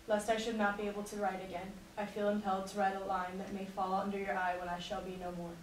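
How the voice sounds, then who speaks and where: A woman giving a class presentation and a dramatic reading of a letter, in an earnest, measured delivery. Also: medium pitch, flat delivery. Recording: echoey room recorded from a distance, faint noise.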